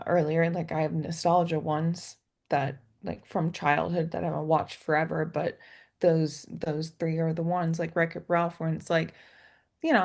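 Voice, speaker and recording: A woman's voice: sits low, darkish tone. A young woman co-hosting a casual movie chat, bubbly and full of fillers. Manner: bubbly, lots of fillers and laughs. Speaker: co-host.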